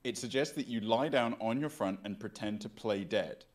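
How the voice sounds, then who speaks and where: A man's voice: on the low side, normal speed. A young man chatting casually with friends, making wry remarks and reading aloud with casual swearing. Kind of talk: casual chat among friends.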